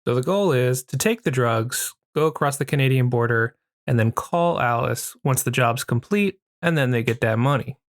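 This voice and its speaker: A man casually recapping a horror film as a podcast host, joking and crude, tossing in quick put-on voices. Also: medium pitch, no room sound, clean studio sound. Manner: crude, joking retelling with acted quotes.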